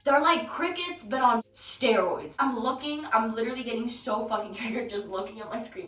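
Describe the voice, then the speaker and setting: A young woman vlogging at home in a blunt, profane, animated rant, recorded from a distance with background music. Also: a little high, normal speed, hardly any pauses. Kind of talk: casual rant to camera. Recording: roomy, distant from mic, music behind.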